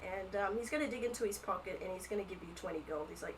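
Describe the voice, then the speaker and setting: A woman's voice: medium pitch, fast talker, a little hiss or hum, poor audio. Woman narrating as game master. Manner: hesitant, with frequent fillers.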